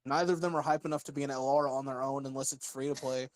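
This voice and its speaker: A man's voice: medium pitch, steady tone, fast, dry recording. A man co-hosting a casual gaming chat, making rambling arguments full of fillers.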